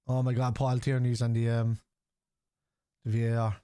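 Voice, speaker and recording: Speaking in a clean-toned, medium-pitched voice at a normal pace, this middle-aged streamer hosts a football watchalong. It's casual live-stream chat: he reacts to the play, reads messages from chat, and gets excited when big moments happen.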